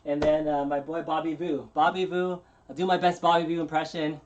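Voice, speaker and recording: A man hosting a casual live-stream unboxing, talking in a relaxed, rambling way with plenty of fillers and restarts. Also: on the high side, fairly quick, hardly any pauses. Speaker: channel host.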